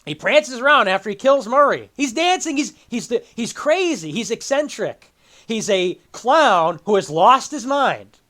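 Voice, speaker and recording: A man's voice: extremely high pitch, big pitch swings, measured pace, bright, forceful tone. A man hosting a livestream, ranting and mocking a video he is reacting to with laughter and exaggerated emphasis. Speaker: streamer host. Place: home streaming setup with green screen.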